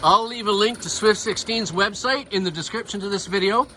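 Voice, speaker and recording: A man's voice: high voice, fairly quick, bright, forceful tone. A man casually narrating his hobby garden railway, chatty and a little sentimental. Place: outdoors in a garden. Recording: outdoor background noise.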